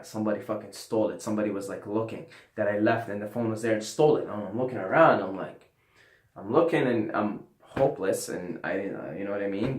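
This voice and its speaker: A man hosting his own channel, telling a personal story in a casual, profane, ranting way, repeating himself as he goes. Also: fairly low pitch. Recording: roomy echo.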